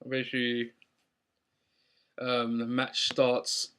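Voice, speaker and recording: A man's voice: medium pitch, flat delivery, normal speed, long pauses, a bit bright. A young man recapping a wrestling show in a casual, rambling way with lots of ums. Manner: rambling, many ums and restarts.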